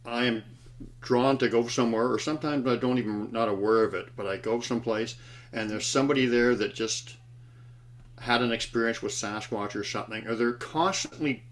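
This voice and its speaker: A man speaking as a panelist in a casual roundtable chat over a video call, halting and restarting his sentences. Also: medium pitch. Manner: halting, restarts and trailing phrases.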